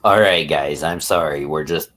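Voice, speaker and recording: Very deep-voiced man chatting on a stream. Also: moderate pace, fairly bright tone. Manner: rambling, profane, talks to chat. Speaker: livestream host. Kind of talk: casual livestream chat.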